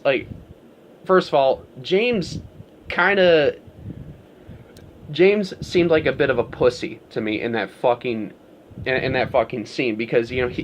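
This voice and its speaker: A man's voice: mid-range voice, a little hiss or hum. A man talking straight to his viewers in a casual, rambling rant, swearing often and filling his talk with "like" and "you know.". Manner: profane, rambling, heavy on fillers. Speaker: vlogger. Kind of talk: casual ranting monologue.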